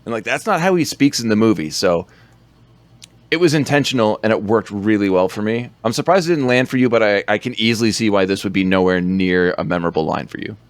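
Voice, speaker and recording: Podcast co-host, male, low pitch, dry close sound, relaxed and hesitant in film talk. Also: fast talker, dry recording. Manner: laid-back, hesitant with fillers, quotes lines in a low growl. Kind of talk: casual film review chat.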